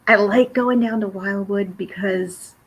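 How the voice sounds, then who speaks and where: A middle-aged woman from Philadelphia chats loosely on a livestream at an ordinary pitch. Her voice is husky and breathy, and she wanders from one thought to the next while stopping to greet viewers. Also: fairly even intonation, unhurried, low-quality recording. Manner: chatty, rambling, reads viewer comments aloud. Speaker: livestream co-host. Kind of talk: casual livestream chat.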